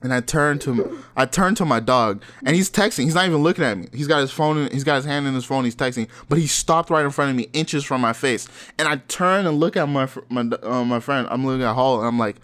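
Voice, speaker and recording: A man's voice: fast, few pauses. Young male co-host, loose storyteller who laughs a lot and acts out what others said. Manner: animated, laughing, acts out quotes with sudden pitch jumps. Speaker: podcast co-host. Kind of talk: casual storytelling chat.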